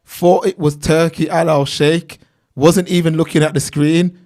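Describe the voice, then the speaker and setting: Stream host, man, slightly high voice, reads chat aloud in loose slang. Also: flat delivery, a little slow, a little mellow. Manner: reads out viewer names and comments, street slang. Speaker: livestream host reading chat. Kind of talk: casual livestream chat.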